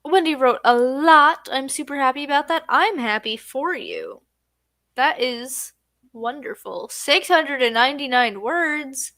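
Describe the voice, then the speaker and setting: A drowsy young woman chats slowly and unhurriedly with her stream viewers late at night. Her voice is high and bright, heard close and dry with no room sound. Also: big pitch swings, dry recording. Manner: sleepy, yawning, chatty. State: tired. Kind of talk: casual livestream chat.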